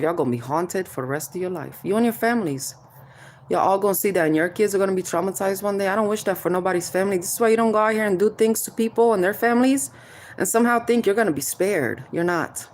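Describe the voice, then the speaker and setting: A mother speaking out about child services vents directly to camera, confronting officials head-on and prodding with "hmm?" as she calls them "baby" and warns of spiritual payback. Her voice is fairly low and darkish, with slight background noise.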